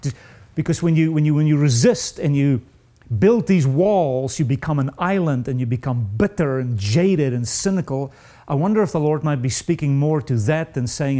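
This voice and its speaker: A man preaching a sermon in an earnest, confessional way, rising high in pitch when he reads out the hardest verses. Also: lively intonation, normal speed, dark tone.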